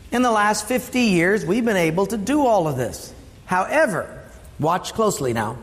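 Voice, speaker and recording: High-pitched male preacher who quizzes the crowd and draws out key words, long hall reverb. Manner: asks the congregation questions, slows for emphasis. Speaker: pastor. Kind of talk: sermon.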